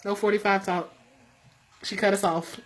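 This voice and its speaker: A woman co-hosting a casual late-night chat, a little tipsy, loud and profane, laughing often and cutting in. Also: mid-range voice, steady tone, normal speed. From United States. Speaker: podcast co-host.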